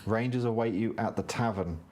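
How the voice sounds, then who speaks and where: A man's voice: lowish voice, a little mellow. A man reading a board game's story and rules aloud, with casual chat between turns while playing. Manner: brisk read-aloud, narrating the game's story text. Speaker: co-host reading a board game script aloud. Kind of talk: reading game text and casual play chat.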